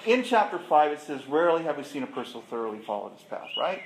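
A man's voice: a little high, very animated, fast, few pauses, a little hiss or hum. A middle-aged man sharing his recovery story in an emphatic storytelling way, asking the audience rhetorical questions. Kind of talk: personal recovery testimony. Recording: echoey room.

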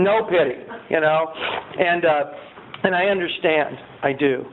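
A man's voice: high voice, normal speed. A middle-aged man giving a rambling personal testimony to a group, full of fillers and acted-out quotes. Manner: rambling, many fillers, acts out quotes in a raised voice. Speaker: speaker sharing his recovery story. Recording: tinny phone-like sound with faint noise.

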